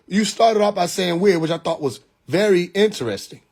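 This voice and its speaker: A man's voice: high-pitched, expressive, moderate pace, a little mellow. A young man from Atlanta with a Southern accent, hosting a phone live stream and lecturing in a mocking, preachy way, firing rhetorical questions with profane slang. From Atlanta, USA. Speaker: livestream host. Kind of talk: rambling live-stream monologue.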